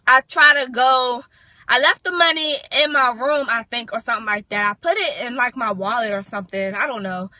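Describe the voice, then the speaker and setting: High, bright young woman telling a story. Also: no room sound. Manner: animated, swears freely, many fillers. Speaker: vlogger. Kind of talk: casual storytime vlog.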